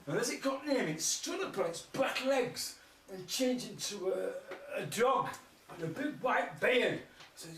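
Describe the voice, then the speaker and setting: A stand-up comedian with a high, lively voice delivers rambling, surreal material from a live music festival stage, speaking a little slowly. He fires off crude, absurd one-liners and laughs at his own jokes. The audio is echoey, with a distant mic and faint background noise.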